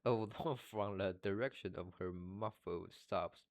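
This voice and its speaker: Man learner reading a novel aloud: low voice, halting, trips over and repeats words.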